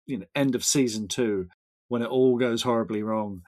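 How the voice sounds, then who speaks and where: A man's voice: medium pitch, normal speed, darkish tone. A man, chatting as a podcast guest, enthusiastic and rambling with frequent restarts. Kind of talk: casual chat.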